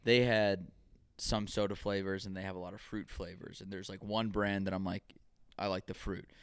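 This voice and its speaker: A man's voice: deep voice, level tone, moderate pace, a bit bright, clear, resonant tone, no room sound. A man co-hosting a casual podcast, telling rambling stories and acting out quoted dialogue. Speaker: podcast co-host.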